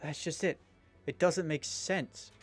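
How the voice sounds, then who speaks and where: Man putting on a young woman sleuth, high voice, anxious, pleading, game music faint behind. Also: steady tone, takes it slowly. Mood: troubled. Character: nervous young woman turned amateur sleuth.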